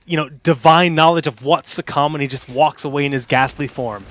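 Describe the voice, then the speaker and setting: Brief: young male esports caster, slightly high voice, playful play-by-play that spikes in big fights. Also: a little fast. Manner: joking, rising to excited calls in big fights.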